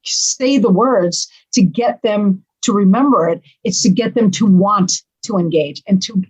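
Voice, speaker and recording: A middle-aged woman guest on a podcast, talking in a lively, dramatic way and acting out little quotes. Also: medium pitch, measured pace, breathy edge, lo-fi sound. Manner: animated, dramatic, acts out quotes. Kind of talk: casual podcast conversation.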